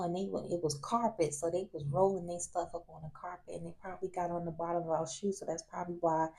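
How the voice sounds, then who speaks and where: A man hosting a vlog, telling a college story in a casual, animated way, often laughing and acting out what others said. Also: high voice, quick pace, creaky, few pauses. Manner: animated, acts out other people's lines in raised voices. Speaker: vlog host.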